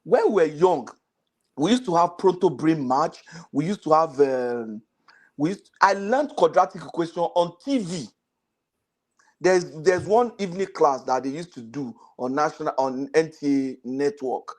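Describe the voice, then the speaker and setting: A middle-aged man with a fairly high voice tells jokes and anecdotes on a casual panel. He laughs at his own punchlines as he goes. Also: animated, normal speed.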